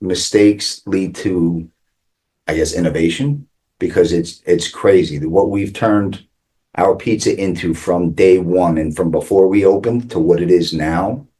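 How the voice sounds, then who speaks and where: A man's voice: sits low, unhurried, mellow. A man who owns a pizzeria, guest on a local business podcast, telling stories casually and chattily, acting out quotes. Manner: chatty, full of "like" and acted-out quotes. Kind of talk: casual storytelling.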